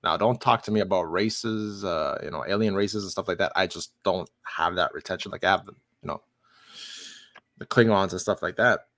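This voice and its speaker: A man's voice: low voice, normal speed, a bit bright, no echo. A man with a Quebec French accent, hosting a livestream in rambling, laid-back chat and swearing freely. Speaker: livestream host. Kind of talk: casual chat.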